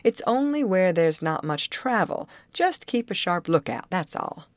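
A woman's voice: lowish voice, very animated, a little slow, dry recording, pitched above the performer's own voice. Woman reading as a blunt male overseer. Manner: blunt, matter-of-fact warnings. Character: gruff middle-aged male plantation overseer. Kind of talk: audiobook character reading.

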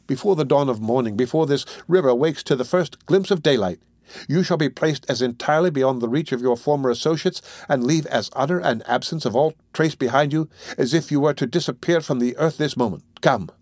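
A man voicing a kindly old gentleman in an audiobook reading, who speaks in a measured, formal and persuasive way. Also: medium pitch, no echo, clean studio sound, close to an everyday voice. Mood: earnest. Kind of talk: audiobook character voice.

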